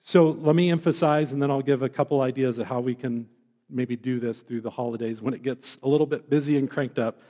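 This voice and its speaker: A man's voice: medium pitch, steady tone, a little fast, mellow, in a large hall. A man preaching a sermon as a pastor, earnest and pleading, drawing out the words he stresses.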